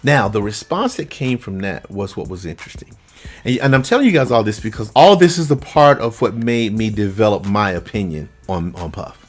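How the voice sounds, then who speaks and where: A man with a somewhat low voice tells an anecdote straight to his audience, easygoing and chatty. He acts out other people's lines as he goes. Faint music plays behind him. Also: fairly quick. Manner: relaxed, conversational, with frequent fillers. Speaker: vocal coach. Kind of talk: casual storytelling to camera.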